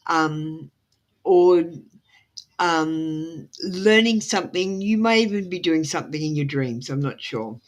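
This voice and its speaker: An Australian woman on a live stream giving tarot readings, talking in a rambling, apologetic way with lots of ums. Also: lowish voice. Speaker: tarot reader. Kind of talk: casual live-stream chat.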